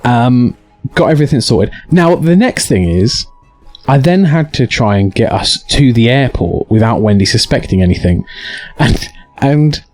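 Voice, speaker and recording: Guy, streamer host, animated storyteller who trips over his words, soft music underneath. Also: medium pitch, normal speed, dry recording. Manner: animated, stammering restarts, acts out quotes.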